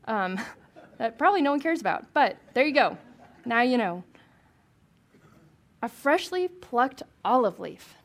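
A woman's voice: a little high, very animated, a little slow, pauses often. A woman leading a Bible study for a small group, reading scripture aloud and chatting with questions to the room.

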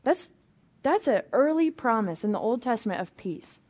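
Female pastor, slightly high voice, chatty and emphatic sermon delivery. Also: big pitch swings, normal speed, a little mellow. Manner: conversational, emphatic, many restarts and asides.

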